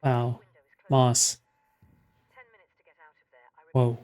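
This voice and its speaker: A man's voice: mid-range voice, completely flat delivery, very slow, darkish tone, clean tone. A man streaming a game live, ranting sarcastically and swearing as he plays. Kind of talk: live gameplay commentary.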